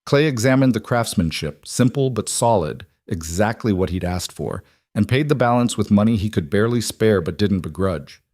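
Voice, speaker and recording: A man narrating a scripted story in a measured, gentle way. His voice is on the low side, recorded close and dry with no room sound. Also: expressive, no echo.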